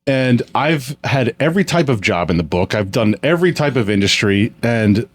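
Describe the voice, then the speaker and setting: A man's voice: medium pitch, expressive, normal speed. A man in his forties, co-hosting a casual chat, talking candidly and reflectively about himself. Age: 40s. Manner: candid, self-deprecating and reflective. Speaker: podcast co-host running the family business.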